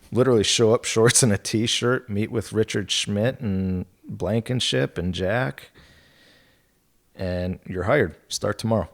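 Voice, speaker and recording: A man speaking as a podcast guest, telling stories in a relaxed, candid way. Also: fairly low pitch, slow. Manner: relaxed and candid, with mild swearing and laughs. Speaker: guest, golf equipment territory manager. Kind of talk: casual storytelling.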